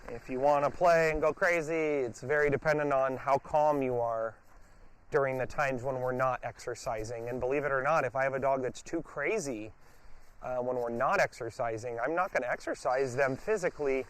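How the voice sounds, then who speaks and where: A man's voice: mid-range voice, normal speed. A man working as a dog trainer, explaining his method during a hands-on session and breaking off to give the dog short, firm commands.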